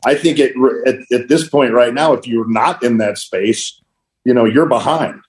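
A man's voice: medium pitch, moderate pace. Easygoing man co-hosting a podcast. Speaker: podcast co-host. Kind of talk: casual chat.

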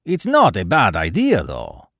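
A man voicing a middle-aged male baron, loud, excitable and hearty. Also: fairly low pitch, unhurried, gravelly, no room sound, studio quality, heavily acted. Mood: tickled.

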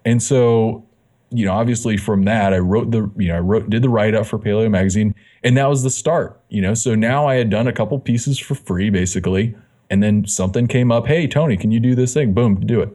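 Lively storytelling man, lowish voice. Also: fairly quick. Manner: animated, acts out quoted dialogue. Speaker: guest, fitness magazine editor. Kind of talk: casual storytelling interview.

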